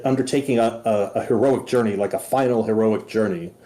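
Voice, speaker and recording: A man narrating as game master of a tabletop game, patient and halting with fillers. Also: fairly low pitch, mellow.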